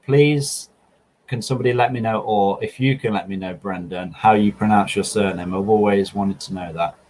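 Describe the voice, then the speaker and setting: Laid-back man, slightly low voice. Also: normal speed, slight background noise, low-quality recording. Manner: relaxed, rambling, many ums and restarts. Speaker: car channel host answering viewer questions. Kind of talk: casual chat.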